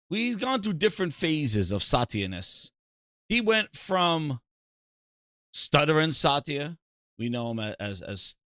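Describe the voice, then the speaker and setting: A man hosting a gaming livestream, talking excitedly and bursting into loud shout-outs to viewers. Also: medium pitch, no room sound, studio quality. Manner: animated, loud bursts when thanking viewers.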